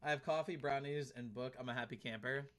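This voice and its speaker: A man's voice: medium pitch, quick pace, fairly bright tone. A man streaming a game live, chatting casually and laughing as he reads and answers his chat. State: tired arms after a workout.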